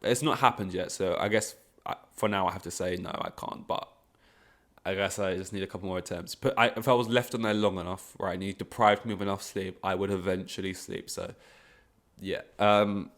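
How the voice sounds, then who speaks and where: A man's voice: deep voice, steady tone, a little fast, fairly bright tone. A young man hosting a solo podcast in a rambling, casual way, often correcting himself. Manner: rambling, self-correcting, frustrated asides. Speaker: podcast host.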